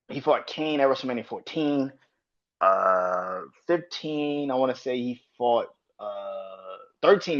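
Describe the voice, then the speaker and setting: A man talking on his own podcast in a casual, rambling monologue, swearing freely and breaking into laughter. His voice sits in a middle range and turns loud and high when he gets worked up. The recording sounds a little dull and lo-fi. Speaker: podcast host.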